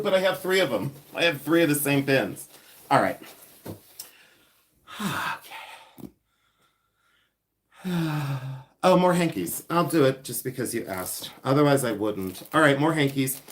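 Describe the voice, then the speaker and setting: A man hosting a casual live stream, chatty, excitable and self-mocking as he shows vintage finds indoors. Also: on the high side. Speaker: livestream host selling vintage finds. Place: indoors at home, seated with items.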